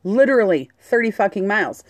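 A woman telling a story in casual chat, animated and swearing freely. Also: medium pitch, fairly quick, dry recording. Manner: animated, swears a lot, acts out quotes.

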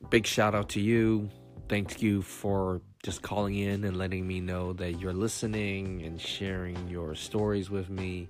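Very deep male host, laid-back thank-yous, faint guitar music under him. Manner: relaxed, many fillers. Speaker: podcast host. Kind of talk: casual shout-out segment.

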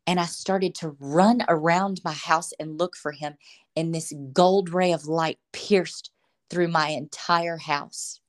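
A woman as a podcast guest, telling her faith testimony in earnest, emotional storytelling. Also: sits low. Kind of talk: personal faith testimony in conversation.

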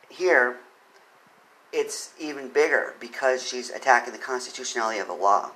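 A man giving spoken commentary on a legal case, earnest, reading quotes quickly and pressing his points with emphasis. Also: mid-range voice, sharp tone, rough recording. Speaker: commentator on court cases.

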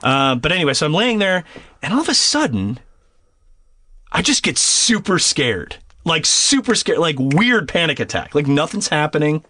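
A man's voice: on the high side, very animated, normal speed, sharp tone, no echo. A man in casual storytelling mode, his voice climbing and dropping all over as he talks. He swears freely and keeps restarting phrases. The sound is dry and close, with little room around it. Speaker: podcast guest.

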